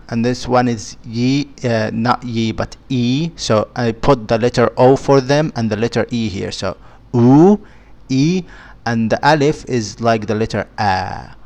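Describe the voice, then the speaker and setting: Slow, patient man teaching. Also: mid-range voice. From Egypt. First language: Arabic. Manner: patient, repeats and sounds out letters one by one. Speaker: Arabic teacher. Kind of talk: beginner language lesson.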